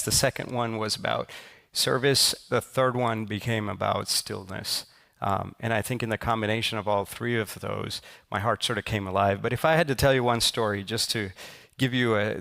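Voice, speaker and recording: Male conference speaker with a gravelly edge, reflective and conversational, full of ums and restarts. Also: fairly low pitch, sharp tone. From Silicon Valley, United States. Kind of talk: conference talk, personal storytelling. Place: conference stage.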